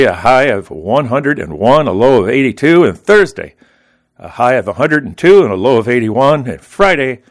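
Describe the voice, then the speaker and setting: Man reading the newspaper aloud on radio. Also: mid-range voice. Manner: steady, plain read-aloud delivery. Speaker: radio reading service volunteer reader. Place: Arizona.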